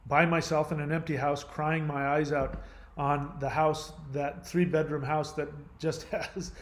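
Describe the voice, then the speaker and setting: Brief: a channel host with a somewhat high voice, telling a personal story in an emotional, rambling way. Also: male voice, flat delivery, measured pace. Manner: rambling, emotional, many fillers and restarts.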